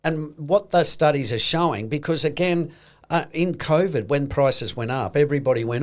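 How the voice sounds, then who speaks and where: An Australian man hosting an investing podcast in casual chat, animated, acting out quoted voices and swearing freely. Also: medium pitch, normal speed. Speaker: podcast host.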